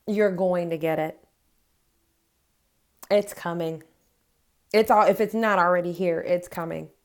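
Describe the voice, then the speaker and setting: A woman's voice: fairly low pitch, fairly even intonation, measured pace. A woman reading tarot cards to camera, speaking earnestly and encouragingly and growing emotional as she reassures her viewers. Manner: gives affirmations straight to her viewers. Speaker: tarot reader.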